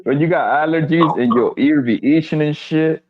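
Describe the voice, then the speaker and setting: A man's voice: fairly high pitch, normal speed. A man in a casual talk show chat, rambling and swearing freely. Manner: rambling, profane, animated. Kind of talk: casual banter. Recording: dull, muffled mic.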